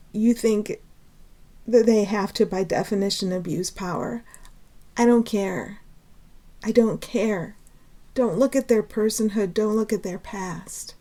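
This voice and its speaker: Woman, spiritual teacher, unscripted talk, emotional, earnest, frequent laughter, mid pitch. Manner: emotional and earnest, laughs often between phrases; pleading, then calming herself down.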